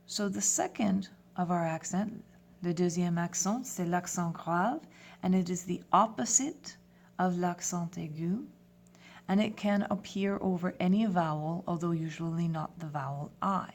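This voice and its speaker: A woman's voice: lowish voice, a little slow, a little mellow, slight background noise. Patient woman teaching a lesson. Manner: clear, patient, spells words letter by letter; switches between French and English phrases. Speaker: French teacher. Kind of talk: classroom lesson video.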